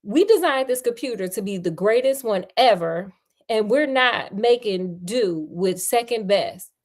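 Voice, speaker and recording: A woman's voice: medium pitch, expressive, unhurried. A woman voicing a worried male programmer in a storybook reading, sounding anxious and insistent.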